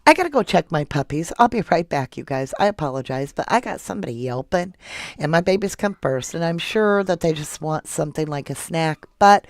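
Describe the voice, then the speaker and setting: Low-voiced woman chatting on a true crime stream, blunt, reads out the chat, dry close sound. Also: expressive, brisk, dry recording. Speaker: true crime livestream host. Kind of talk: casual livestream chat reading viewer comments. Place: home.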